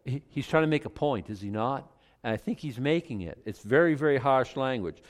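A middle-aged male pastor preaching in a conversational way, breaking into loud emphatic outbursts. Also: mid-range voice, expressive, brisk. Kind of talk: sermon.

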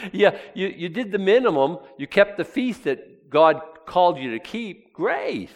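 A man's voice: sits high, sing-song, unhurried, hardly any pauses. A man preaching a sermon, reading scripture aloud with sarcastic asides. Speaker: pastor.

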